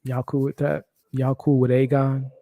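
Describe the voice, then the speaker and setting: A man hosting a live stream, talking excitedly and rambling straight to his chat. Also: medium pitch, moderate pace, vocal fry, no echo. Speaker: host of a live aftershow stream. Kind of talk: excited casual livestream commentary.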